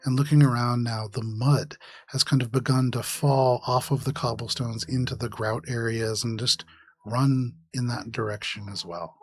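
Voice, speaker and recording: A man running a tabletop role-playing game. He describes each scene in a measured, atmospheric way, at an everyday pitch. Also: steady tone, slightly rough. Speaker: game master.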